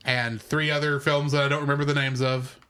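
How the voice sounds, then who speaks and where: A young man co-hosting a casual movie review podcast, talking in an animated, rambling way and often repeating words. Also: a little high, a little fast, a little hiss or hum. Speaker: podcast co-host.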